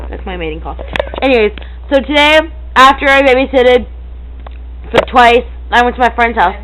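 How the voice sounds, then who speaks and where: A woman's voice: on the high side, normal speed, background noise. A teenage girl chatting to a webcam at home, hyper and giggly, rambling and breaking into silly noises. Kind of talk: casual chat to camera.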